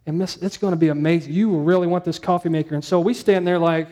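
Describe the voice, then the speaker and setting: A man's voice: fairly high pitch, steady tone, fast talker, warm tone. A man preaching a sermon to his church, talking conversationally and asking the room questions. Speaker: pastor.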